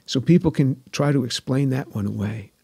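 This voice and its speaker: In conversation, a guest scientist in his sixties tells his story earnestly, repeating himself and dropping to a hush when moved. His voice is gravelly and husky, pitched a little above most men's, at normal speed. The close, dry recording has no echo.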